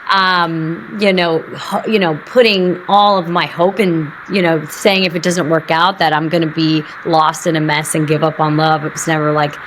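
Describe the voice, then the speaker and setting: A woman's voice: low voice, level tone, moderate pace, few pauses, a bit bright, poor audio. A woman, a podcast guest, speaks earnestly and with optimism. Faint noise hums behind her voice. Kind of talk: casual podcast chat.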